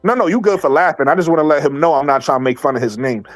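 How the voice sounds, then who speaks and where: A man hosting a casual livestream, his voice sitting a little high for a man. He talks animatedly, doubles back on his words and swears freely. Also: expressive, rapid-fire, faint music behind. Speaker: livestream host.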